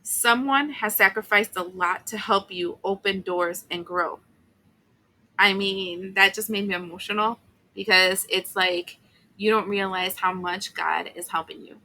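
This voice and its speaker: Bright-voiced woman giving a chatty tarot reading. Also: mid-range voice, fairly even intonation, unhurried, poor audio. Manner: chatty, emotional, many fillers and asides. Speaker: tarot reader.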